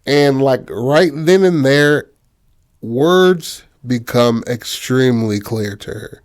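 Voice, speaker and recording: Chill guy on a podcast telling a movie plot, super slangy, lots of "you know", mid pitch. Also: expressive, slow pace. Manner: loose and slangy, heavy on fillers like "you know". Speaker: podcast host retelling a film. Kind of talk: casual chat.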